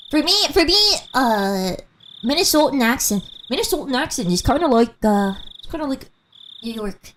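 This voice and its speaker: During a game stream, a young woman giggles and chats casually with viewers, rambling in an animated way. She has a slight American mountain accent and a medium-pitched voice, with a little hiss or hum in the audio.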